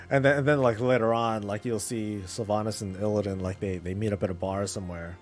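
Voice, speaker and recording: A man's voice: lowish voice, fairly even intonation, fairly quick, soft background music. A man streaming a casual chat about games, rambling with many fillers and restarts.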